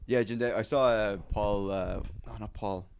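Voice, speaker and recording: Brief: young male comic, lowish voice, rambling sweary anecdote style. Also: steady tone, normal speed, vocal fry, clear, resonant tone. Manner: rambling, sweary, lots of fillers. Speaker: comedian podcast co-host. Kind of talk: casual storytelling chat.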